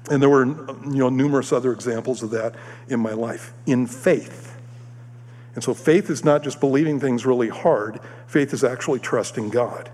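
A man's voice: medium pitch, slightly rough. Man preaching in a reverberant hall. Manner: animated storyteller, acts out the voices of others. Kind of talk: sermon testimony.

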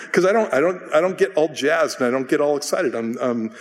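A middle-aged man preaching a sermon as a pastor, conversational and self-deprecating, now and then bursting into acted shouts. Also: on the high side, lively intonation, fairly quick. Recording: long reverb of a large hall.

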